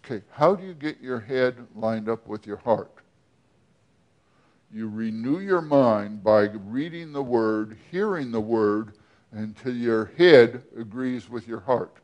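A male pastor delivers a sermon at an unhurried, deliberate pace. He keeps turning to the congregation with questions and pauses between phrases, in a voice of ordinary pitch. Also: darkish tone, dull audio.

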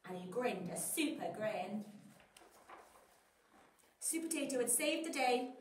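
A woman reads a children's bedtime story aloud with lively, dramatic expression. Her voice sits high and sounds a little distant in an echoey room, with faint background noise behind it. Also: takes it slowly, long pauses.

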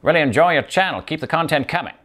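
A man's voice: a little high, expressive, fast talker, fairly bright tone, voice pushed up. A man voicing an old-time movie gangster in a theatrical, old-fashioned film voice. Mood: brash.

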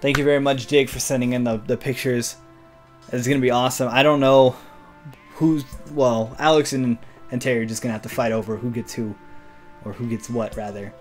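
A man's voice: mid-range voice, steady tone, a little fast. Casual male host reading fan letters, rambling and self-deprecating, light music behind. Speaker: channel host.

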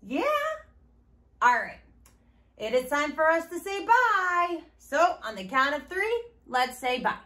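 Young woman host for a kids' show, slow, encouraging, exaggerated delivery. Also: high-pitched, big pitch swings, bright, forceful tone. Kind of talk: sing-song talk to small children.

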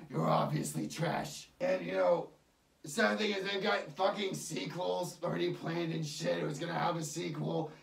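Gravelly, profane ranting man. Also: high-pitched. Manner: heavy swearing, heated and mocking. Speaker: online ranter. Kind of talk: profane rant. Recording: echoey room, far from mic.

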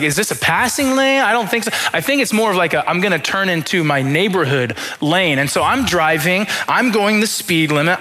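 A young man, a high school pastor, preaching a sermon through funny, self-deprecating stories and acting out his own thoughts in quotes. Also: bright, forceful tone. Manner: humorous self-deprecating storytelling.

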